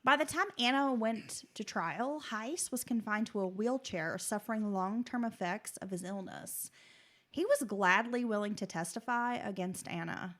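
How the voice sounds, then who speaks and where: This podcast co-host is a woman with a mid-range voice who speaks at a moderate pace. She reads her true crime script steadily but slips into casual, chatty asides.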